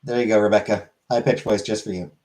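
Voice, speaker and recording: Laid-back man with a low voice. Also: fairly even intonation, quick pace, darkish tone. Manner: laid-back, swears casually. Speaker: streamer answering chat. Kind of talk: casual livestream chat.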